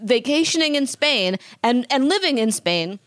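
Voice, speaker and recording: A woman's voice: high voice, moderate pace, no room sound. A woman in her thirties co-hosting a podcast, chatting casually and telling stories, acting out the voices she quotes. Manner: animated storyteller, acts out quoted voices. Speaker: podcast co-host. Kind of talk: casual gossip chat.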